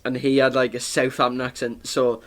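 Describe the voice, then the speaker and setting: A young man from Sunderland, England, with a mid-range, slightly bright voice, talks briskly in a completely flat delivery. He's a podcast host chatting casually, rambling through stories, swearing freely and laughing often.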